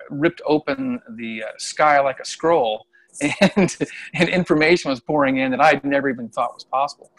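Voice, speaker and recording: A middle-aged man, a Chinese medicine practitioner, telling a story in casual conversation from home over a video call, animated and laughing often. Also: medium pitch. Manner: animated, acts out voices when quoting people, laughs often. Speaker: Chinese medicine practitioner and qigong healer, interview guest.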